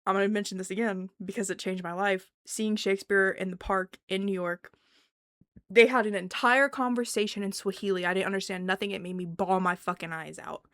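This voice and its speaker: Animated young woman ranting with swearing. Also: mid-range voice, a little fast, no room sound, studio quality. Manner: animated, swearing, laughing, swings between loud and whispered asides. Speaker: vlogger. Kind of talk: casual ranting monologue.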